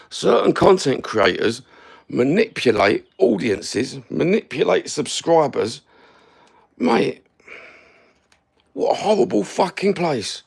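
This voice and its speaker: Bloke having a sweary rant at the camera, gravelly voice, blunt as anything. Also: male voice, a little high. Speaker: YouTube content creator. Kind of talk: ranting to-camera monologue. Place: standing somewhere, filming himself.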